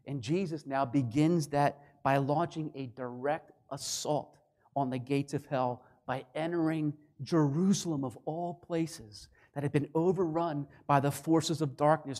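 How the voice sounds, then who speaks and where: A man preaching a sermon, swinging between loud declarations and hushed, quiet lines. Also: on the high side, steady tone, a little slow. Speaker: pastor.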